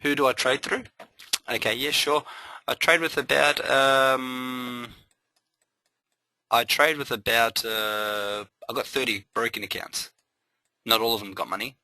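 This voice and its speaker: A man running a live trading webinar, talking with bright, forceful energy. He drives his points home by repeating phrases in a motivational rush. The sound is close and dry, with almost no room around it. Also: mid-range voice, measured pace, pauses often, dry recording, poor audio.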